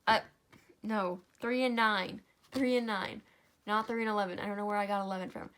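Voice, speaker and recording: A woman's voice: mid-range voice, fairly even intonation, brisk, fairly bright tone. A young woman hosting a craft tutorial, talking casually step by step, sleepy and yawning, often correcting herself and apologizing. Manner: chatty, self-correcting, apologetic.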